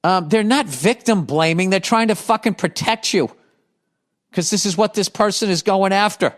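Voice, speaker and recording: A man's voice: high voice, normal speed. A man hosting a comedy podcast, ranting in a profane, exasperated way as he reads listener mail. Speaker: podcast host.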